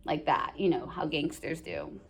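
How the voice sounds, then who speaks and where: A woman teaching a high school English lesson in a classroom. She explains the play in a chatty way, full of jokes and slang asides to her students. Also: big pitch swings, a little slow, a little hiss or hum.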